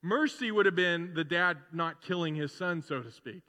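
Bright-voiced preacher man in a reverberant church. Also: high voice, moderate pace. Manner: conversational preaching, swelling to loud emphatic repetition. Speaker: pastor. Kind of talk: sermon. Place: church sanctuary. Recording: long hall reverb in a church.

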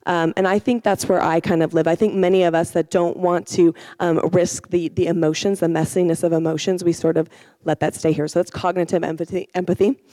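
A woman's voice: fairly low pitch, level tone, fairly quick, warm tone, no echo. Chatty woman giving an informal talk. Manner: chatty, self-deprecating, many fillers and restarts. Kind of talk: informal sermon teaching.

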